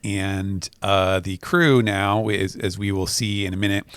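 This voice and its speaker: A man co-hosting a podcast, recapping a comic chapter in a relaxed way, with laughing asides and acted-out quotes. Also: low voice, a little slow, clear, resonant tone, no room sound. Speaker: podcast co-host.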